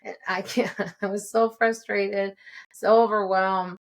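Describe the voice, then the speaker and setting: A woman's voice: mid-range voice, steady tone, slow pace. A woman in her forties with a non-native English accent, hosting her own podcast in a candid, chatty solo talk that is broken up by frequent laughs. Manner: candid and chatty, laughs often between thoughts. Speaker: podcast host. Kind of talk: casual solo podcast monologue.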